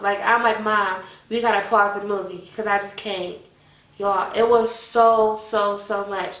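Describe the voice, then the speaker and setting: A woman's voice: a little high, roomy sound, far from the mic, poor audio. A woman, chatting animatedly to her viewers in a casual commentary. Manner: animated, addresses viewers as y'all. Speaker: vlogger.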